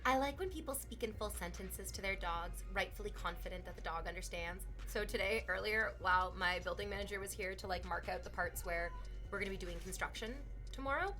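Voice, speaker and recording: Bright-voiced playful woman streamer. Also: mid-range voice, brisk, soft background music. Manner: playful, teasing, swears freely, puts on silly voices. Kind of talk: casual chat with stream viewers. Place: at home.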